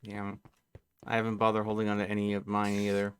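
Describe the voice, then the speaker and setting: A man's voice: fairly low pitch, completely flat delivery, slight background noise. A man on a live game stream, chatting casually and thinking aloud as he plays. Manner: slow, thinking aloud while playing. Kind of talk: casual live gameplay chat.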